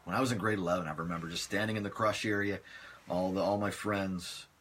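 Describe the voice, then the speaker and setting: Deep-voiced guy rambling on a phone live stream, a bit husky, reads comments as he goes. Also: fast talker. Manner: relaxed, rambling, talks while reading viewer comments. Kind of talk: casual live-stream chat.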